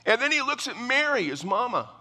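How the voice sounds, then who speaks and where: A man's voice: extremely high pitch, big pitch swings, a little fast, sharp tone. A man preaching a sermon as pastor, earnest and emphatic, often repeating his phrases. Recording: long reverb of a large hall.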